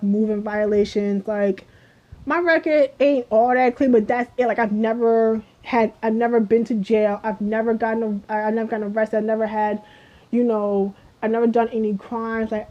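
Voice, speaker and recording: A woman's voice: on the high side, dark tone. A woman ranting to camera in a vlog, heated and emphatic, swearing often and repeating herself with lots of fillers. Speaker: vlogger. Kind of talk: casual rant to camera. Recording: dull lo-fi audio.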